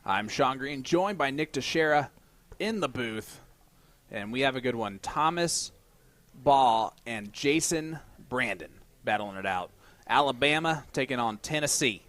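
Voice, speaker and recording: A male play-by-play commentator calling a live darts match from the booth, steady and measured, with dry humor as he reads out the scores. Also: mid-range voice, no echo.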